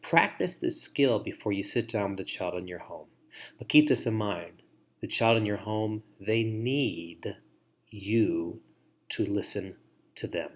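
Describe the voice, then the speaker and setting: Earnest man giving a webinar lesson. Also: on the low side. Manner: earnest, measured advice with deliberate pauses and repeated phrases. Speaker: foster care educator, webinar presenter. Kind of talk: instructional webinar talk.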